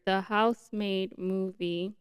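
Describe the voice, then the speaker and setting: A young woman hosting her own podcast on a new mic setup, chatting casually and excitably. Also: mid-range voice, slow, clean tone, dry recording. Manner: chatty, excitable, says like a lot. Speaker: podcast host. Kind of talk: casual solo podcast chat.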